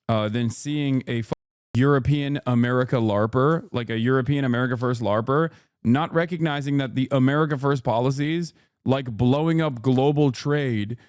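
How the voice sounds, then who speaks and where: A man's voice: mid-range voice, darkish tone, dry recording. A man streaming ranting political commentary, heated, profane and sarcastic, on a close mic.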